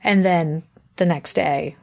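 A woman in her thirties, a musician guest, telling a story in a relaxed interview. She talks in a lively, animated way, often laughs mid-sentence and acts out the lines people said. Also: on the low side, slow pace, vocal fry.

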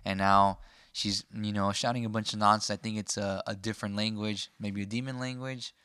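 A young man in casual podcast chat, animated and rambling as he thinks aloud. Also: on the low side, fairly quick, clear, resonant tone, no echo.

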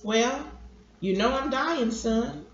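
A woman reading aloud as a dying old grandfather who chuckles gently and patiently teases his grandson. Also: on the high side, lively intonation, takes it slowly. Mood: gentle. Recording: roomy, dull lo-fi recording.

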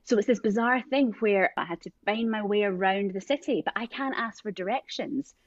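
A woman's voice: mid-range voice, moderate pace, no echo, highs cut off. A woman with a drifting Scottish accent, a podcast guest chatting casually and acting out voices as she tells stories. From Scotland. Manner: animated storyteller, acts out voices. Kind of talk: casual chat.

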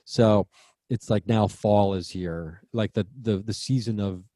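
Low-voiced man chatting, dry sound. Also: fairly even intonation, unhurried, mellow, no echo. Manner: rambling, searching for words. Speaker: podcast co-host. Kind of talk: casual chat. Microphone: remote call mic.

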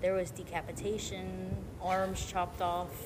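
A woman co-hosting a relaxed conversation, excitable and quick to giggle. Her voice rings with a long reverb, and steady background noise sits clearly behind her. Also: on the low side. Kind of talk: casual chat.

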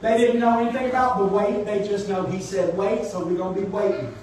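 A man's voice: high-pitched, steady tone, brisk, a little mellow, a little hiss or hum. A man preaching a sermon as pastor, emphatic and exhorting his congregation. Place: church sanctuary. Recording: echoey church hall, mic at a distance.

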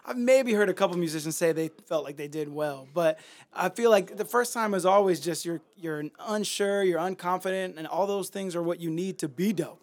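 Laid-back, cursing higher-voiced man. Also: moderate pace. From Miami. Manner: laid-back, profane, rambling with fillers. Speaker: musician guest. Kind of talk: casual podcast chat.

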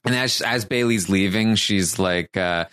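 A man's voice: low voice, a little slow, fairly bright tone, clear, resonant tone, no room sound, clean studio sound. A man hosting a casual recap show, hesitant and full of fillers and restarts. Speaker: podcast host.

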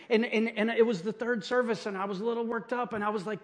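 A man's voice: high voice, steady tone, fast, few pauses. A middle-aged male pastor preaching from a church stage, telling stories about his own mistakes in a chatty, self-deprecating way with frequent asides to the congregation. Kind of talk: sermon.

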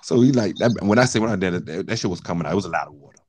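A man's voice: sits low, animated, very fast, a little mellow. A man telling a long, profane story in casual chat, acting out the quotes of the people in it.

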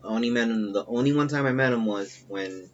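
A man casually telling a long, profane, rambling story from his family, getting animated as it builds. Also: medium pitch, a little fast, highs cut off, soft background music. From Salvadoran family.

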